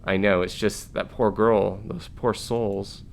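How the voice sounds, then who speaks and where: A man's voice: fairly low pitch, fairly even intonation, a little slow, vocal fry, a bit bright, slight background noise. A man reading as a grieving young woman officer. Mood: sad.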